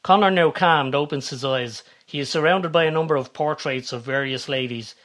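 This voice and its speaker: A man reading a comedic story aloud in a steady, even tone. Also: on the high side, moderate pace. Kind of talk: scripted story narration.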